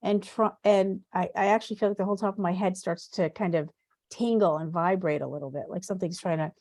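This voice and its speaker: A woman's voice: on the low side, steady tone, fast talker, a little mellow, dry recording, studio quality. A woman giving an animal communication reading, rambling and hesitant with many restarts. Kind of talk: live online reading.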